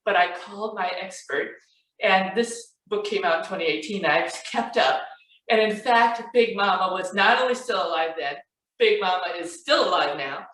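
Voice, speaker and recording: A woman who writes children's books, speaking in an animated storytelling manner about her work. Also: mid-range voice, moderate pace. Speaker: children's book author. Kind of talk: author talk with a read-aloud. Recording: roomy sound from a distance.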